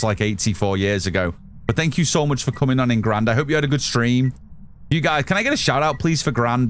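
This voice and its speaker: A British man talks through a game on a live stream, answering chat as he plays. His voice sits at an ordinary middle pitch but swings up and down a lot. A faint hum runs underneath the recording. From United Kingdom. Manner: chatty, reads out and answers chat while playing. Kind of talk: casual live gameplay commentary.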